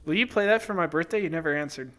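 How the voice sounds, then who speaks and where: A man's voice: fairly high pitch, very fast, crowd noise. A young man hosting a podcast, teasing his guest bluntly and cursing often. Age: young adult. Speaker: podcast host. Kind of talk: casual podcast banter.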